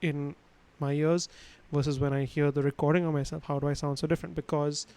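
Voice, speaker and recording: Speaking briskly in a slightly high, somewhat mellow voice with little pitch variation, this man teaches a livestream lesson on sound. He records in his home room on a studio mic, the recording is rough, and his casual explanation is full of fillers and restarts.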